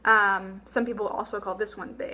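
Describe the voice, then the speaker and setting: A young woman, a Spanish teacher, giving a recorded lesson. She explains patiently and sounds words out slowly, repeating them for the learner. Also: medium pitch, steady tone, bright, forceful tone, slight background noise.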